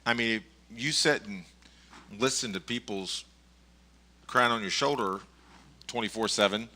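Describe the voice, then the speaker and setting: Bright-voiced chatty male pastor. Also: lowish voice, unhurried. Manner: rambling, chuckling storyteller with many restarts. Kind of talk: casual conversational sermon.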